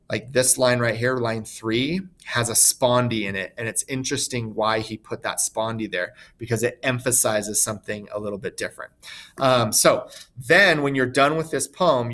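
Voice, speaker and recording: Casual man teaching a screen lesson. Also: mid-range voice. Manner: relaxed, informal, many ums and uhs. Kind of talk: recorded online lesson, screen demonstration.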